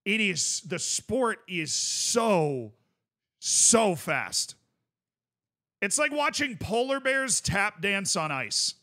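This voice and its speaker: A man's voice: sits high, very animated, extremely slow, bright, forceful tone. A male streamer chatting casually while reacting to clips, enthusiastic and rambling, full of fillers.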